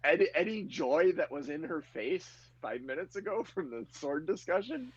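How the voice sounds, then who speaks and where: A man narrating a tabletop game as game master, relaxed and chatty. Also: a little high, normal speed, husky, no room sound. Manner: relaxed, chatty, laughs easily. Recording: lo-fi muffled audio.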